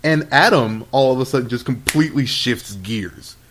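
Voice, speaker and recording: A man's voice: mid-range voice, normal speed, fairly bright tone. A young man from Texas on a casual podcast, rambling through a story with lots of laughing and quoted dialogue. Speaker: podcast co-host. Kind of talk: casual chat. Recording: amateur podcast with audible noise.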